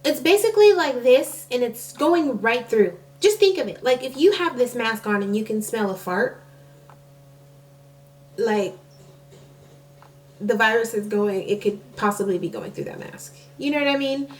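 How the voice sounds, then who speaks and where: A woman's voice: a little high, animated, a little slow. A young woman, a nursing student and mom, telling a rambling story to camera, full of "like" and restarts. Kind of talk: casual storytime chat to camera. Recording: voice a bit far from the mic.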